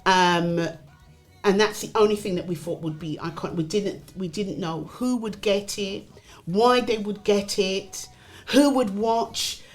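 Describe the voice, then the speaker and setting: A middle-aged woman from Britain, a comedian guest chatting casually and lively, acting out quoted voices as she tells stories. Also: mid-range voice, measured pace. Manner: animated storyteller who acts out quoted voices. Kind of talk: casual chat.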